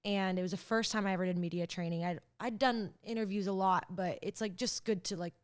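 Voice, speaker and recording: A young woman, a country singer, talking as a podcast guest in an animated, chatty way, full of fillers as she tells a story. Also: medium pitch, brisk. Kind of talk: casual interview chat.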